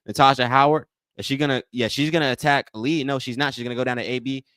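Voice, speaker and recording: A man calls a game live for his viewers in a loose, chatty play-by-play, repeating lines and tossing in y'all. His voice sits at an everyday middle pitch. The sound is dry and close, with little room around it. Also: fairly even intonation, quick pace, fairly bright tone, clear, resonant tone, no room sound. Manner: repetitive, addresses chat as y'all, thanks donors. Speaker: livestream host. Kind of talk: casual live play-by-play watch-along commentary.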